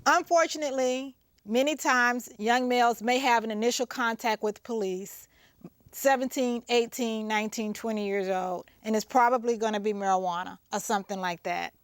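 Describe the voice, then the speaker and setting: A woman lawyer, a guest on a talk show, explaining a point in an earnest, deliberate way. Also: fairly high pitch, clean tone, dry recording, studio quality.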